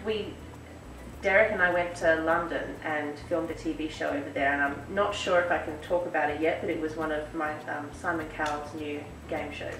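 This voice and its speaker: A young woman answers interview questions in an easy, chatty way, laughing as she goes. Her voice sits a little lower than most women's. She is picked up from a distance in an echoey room with clear background noise. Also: normal speed. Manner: laughs often, relaxed and chatty. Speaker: guest dancer. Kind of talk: casual interview chat.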